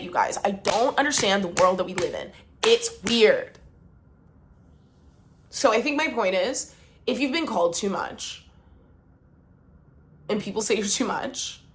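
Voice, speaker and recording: Woman, vlogger, casual venting to camera, emphatic, exasperated, mid-pitched voice.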